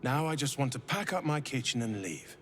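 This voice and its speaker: A man's voice: medium pitch, sing-song, a little fast, slight background noise, natural voice. A man voicing a weary grumbling temple cook. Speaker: temple kitchen worker in a fantasy video game. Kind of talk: game voice acting. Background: game music.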